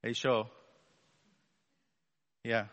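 Drawing out his words in a level, medium-pitched voice with a fairly bright tone, a man preaches to a live congregation in a church hall. He is wry and conversational, asking rhetorical questions into a wireless battery mic amid the long reverb of a large hall.

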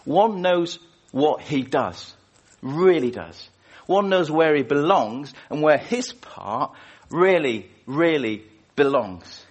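A man's voice: on the high side, expressive, slow pace, few pauses, husky. A man leading prayer and preaching a sermon in an informal, conversational way, putting questions to the congregation. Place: church service.

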